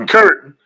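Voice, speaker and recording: A man's voice: bright, forceful tone, dry recording. A man hosting a comedy game show, laughing often as he calls on each player by name. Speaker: host.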